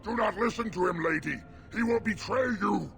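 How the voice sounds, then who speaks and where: An actor playing a hostile, battle-eager male werewolf in a video game, with a rough growling voice. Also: sits high, moderate pace, a bit bright. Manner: urgent, hostile. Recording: game audio over music.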